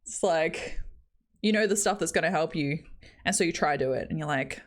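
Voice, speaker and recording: A woman's voice: sits low, moderate pace. A young Australian woman streaming, chatting casually with her viewers in a self-deprecating way and laughing often.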